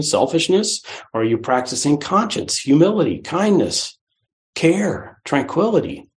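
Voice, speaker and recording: A man giving a Buddhist dharma talk in a conversational, animated way, with playful swoops of the voice. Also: medium pitch. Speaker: Buddhist teacher.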